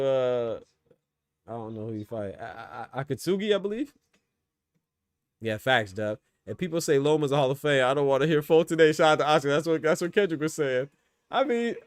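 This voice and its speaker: A man's voice: fairly high pitch, no room sound. A man hosting a boxing podcast, giving loose, slangy live fight commentary and talking to his chat.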